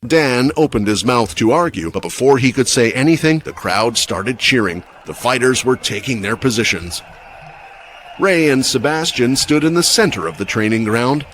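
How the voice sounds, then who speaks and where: A man's voice: mid-range voice, fairly bright tone, slight background noise. A man giving scripted, dramatic story narration for a comic recap.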